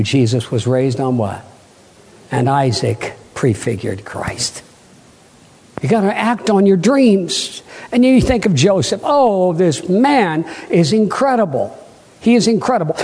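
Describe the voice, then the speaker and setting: A man's voice: fairly high pitch, dark tone, breathy edge. A man preaching a sermon, emphatic and rising to fervent peaks, asking the congregation questions. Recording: long hall reverb.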